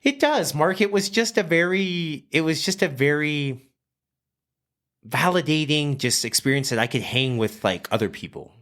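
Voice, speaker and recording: A man from New Mexico, a guest chef, telling a story in a casual, animated podcast chat with frequent fillers. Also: fairly high pitch, moderate pace.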